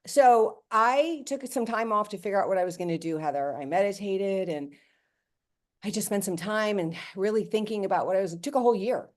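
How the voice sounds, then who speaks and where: A woman in her fifties addresses her network marketing team on a call, recounting her story in a lively, conversational way. With a medium-pitched voice and a fairly quick pace, she performs quotes and talks straight to the people listening.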